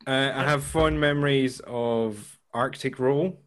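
A man's voice: medium pitch, measured pace. A man co-hosting a podcast, chatting in a dry, easygoing way. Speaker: podcast co-host. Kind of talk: casual chat.

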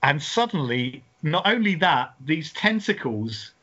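Lively laughing man telling a story. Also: a little high, measured pace. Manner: animated, laughs through his story. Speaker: podcast co-host. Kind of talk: comic storytelling. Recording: dull lo-fi sound.

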